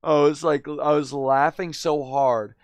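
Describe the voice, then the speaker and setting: A man's voice: fairly high pitch, steady tone, measured pace, no echo. A man live streaming, telling a story in a rambling, slangy way, constantly saying "dude" and "man". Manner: laughs often, drifts loud then quiet.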